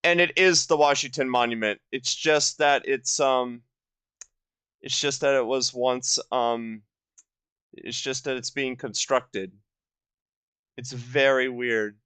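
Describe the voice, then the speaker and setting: A young man in his twenties talks through a game at an unhurried pace, his voice smooth and clean. He rambles, stopping and restarting with plenty of fillers along the way. The sound is dry, with no room echo. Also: mid-range voice, fairly even intonation, fairly bright tone. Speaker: gaming video host. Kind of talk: casual let's-play commentary.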